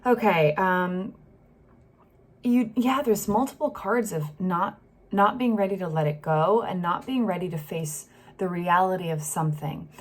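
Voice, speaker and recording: Here a tarot reader talks a little slowly in a lowish voice, keeping things casual and emotional. What she senses, she performs, with sighs and half-finished thoughts.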